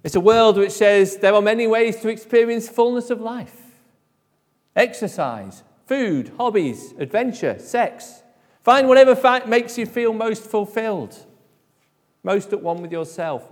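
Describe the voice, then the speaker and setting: Male preacher, high voice, emphatic delivery with hushed endings, long church-hall reverb. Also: animated, measured pace. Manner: emphatic, drops to a hush at phrase ends. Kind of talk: sermon.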